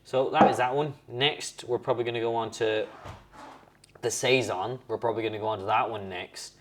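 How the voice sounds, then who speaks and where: A man's voice: medium pitch, steady tone, fairly quick, background noise. A young man chatting casually at home as he tastes and rates beers, rambling and correcting himself. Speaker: host reviewing beers. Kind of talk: casual beer-tasting vlog.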